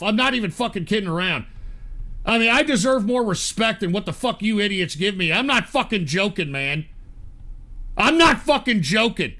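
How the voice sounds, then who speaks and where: Gravelly, profane livestream host, high and tense. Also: male voice, pushed and bright. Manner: profane, angry ranting; stammering restarts. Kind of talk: ranting livestream broadcast.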